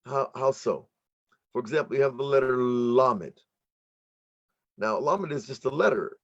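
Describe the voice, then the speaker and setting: A middle-aged American man teaches as a rabbi in an online workshop, at a medium pitch. He explains step by step, often restarting his sentences and laughing easily. The audio sounds somewhat dull and lo-fi. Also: a little slow. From United States.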